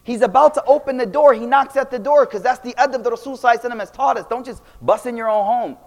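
A young man giving a casual, animated Islamic talk full of slang, swinging between loud and quiet. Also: very high voice, very fast. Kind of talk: casual storytelling lecture. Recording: long reverb of a hall.

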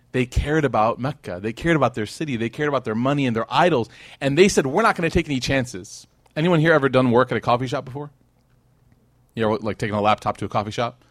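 Animated male lecturer, dry sound. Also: medium pitch, dry recording. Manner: animated, with rhetorical questions to the crowd; acts out quoted people. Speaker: religious teacher. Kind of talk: storytelling lecture to a live audience.

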